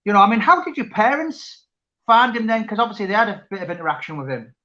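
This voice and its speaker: A man's voice: sits high, sing-song, quick pace, pushed and bright, lo-fi sound. A man interviewing a guest, asking questions in a casual, conversational way. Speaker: interviewer, author.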